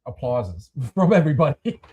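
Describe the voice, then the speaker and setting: A man's voice: mid-range voice, big pitch swings, moderate pace, darkish tone, breathy edge. A man hosting a podcast, telling a story in casual chat with rambling restarts and free swearing. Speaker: podcast host.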